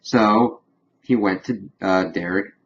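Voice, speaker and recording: A man's voice: on the low side, takes it slowly, vocal fry, fairly bright tone, dull audio, a little hiss or hum. A man casually recapping a TV episode as a reviewer, rambling along with lots of "of course" and "kind of".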